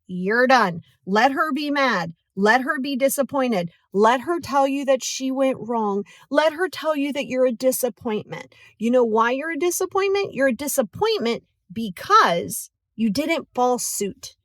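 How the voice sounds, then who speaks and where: A woman with a fairly high voice hosts a motivational podcast in a relaxed, chatty way. She keeps checking in with "right?" and acts out other people's voices. The sound is dry and close to the mic. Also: a little slow, hardly any pauses, no room sound. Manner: animated, acts out quoted voices; casual, filler-heavy, checks in with "right?". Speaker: podcast host.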